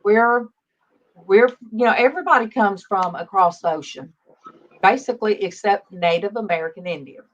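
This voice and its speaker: A woman's voice: medium pitch, moderate pace. A woman in her fifties hosting a casual faith livestream, chatty and greeting viewers by name. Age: 50s. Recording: dull lo-fi stream audio.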